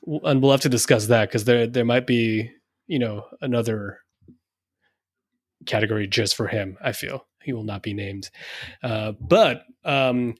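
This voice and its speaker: A man from France co-hosting a podcast in casual chat, laughing often and quick with asides. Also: medium pitch, no room sound, studio quality. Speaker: podcast co-host.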